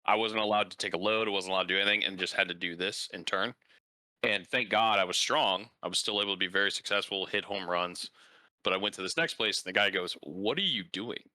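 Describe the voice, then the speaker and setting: Host voice: low-pitched man, intense and forceful tone, dry close sound, chatty coach with stories. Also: fast, no echo. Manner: animated storyteller, frequent "like" fillers. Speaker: podcast host and baseball coach. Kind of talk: casual conversational interview.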